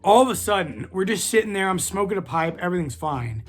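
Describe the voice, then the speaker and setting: A man's voice: high voice, lively intonation, quick pace, faint music behind. A man telling a story in a rambling, casual way, full of fillers and swearing. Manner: rambling, many fillers, profane. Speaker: storyteller vlogger.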